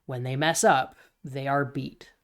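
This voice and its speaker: A podcast co-host talking casually, rambling and restarting while pitching story ideas. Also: steady tone, a little slow, fairly bright tone. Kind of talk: casual brainstorming chat.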